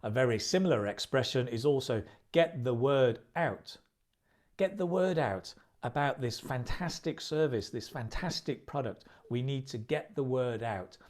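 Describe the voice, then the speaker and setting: A man teaching English idioms in a recorded video lesson, speaking slowly and clearly and repeating phrases for practice. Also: medium pitch, animated, darkish tone.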